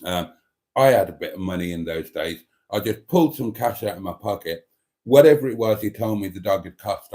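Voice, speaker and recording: A man's voice: fairly low pitch, darkish tone. A man hosting a casual live stream, rambling through a story and reading out viewer comments.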